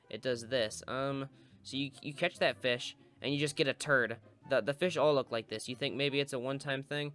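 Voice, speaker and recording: Over his own gameplay, the young host of a gaming video delivers comedic, sarcastic commentary punctuated by goofy mock-villain bits, his mid-range voice a bit bright.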